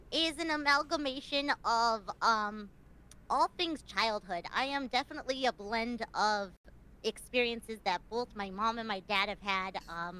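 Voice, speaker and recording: High, bright, excitable woman panelist. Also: poor audio. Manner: excitable, gasping and squealing. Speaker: streamer panelist. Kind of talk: casual panel chat.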